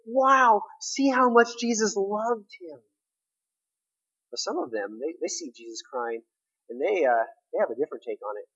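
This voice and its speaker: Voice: mid-range voice, a bit bright, breathy edge, highs cut off. A preacher giving a sermon, retelling a scripture story in an emphatic, conversational way.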